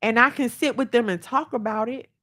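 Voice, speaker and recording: This thirties-aged podcast host has a brisk, pushed, bright voice on the high side. In a personal talk to her audience, she opens up with emotion about family and self-love.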